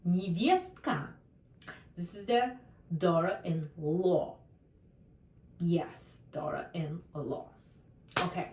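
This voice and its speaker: Slow Russian-accented woman teaching. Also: mid-range voice, big pitch swings, a little mellow, echoey room, a little hiss or hum. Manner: slow, careful, emphatic, with non-native English grammar slips. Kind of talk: online grammar lesson.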